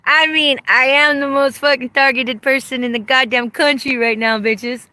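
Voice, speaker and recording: A woman's voice: sits high, steady tone, normal speed, sharp tone, dry recording. A woman ranting angrily and profanely in a livestream, speaking into a phone while outdoors in the cold. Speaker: vlogger. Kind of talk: angry livestream rant.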